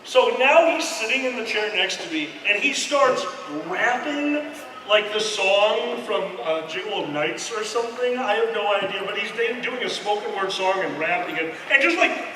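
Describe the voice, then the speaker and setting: A man's voice: sits high, moderate pace, noisy background. A man casually telling a comic story with lots of swearing and acted-out quotes, laughing as he goes. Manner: animated, acts out quotes, swears, laughs often. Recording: echoey hall, voice from far off.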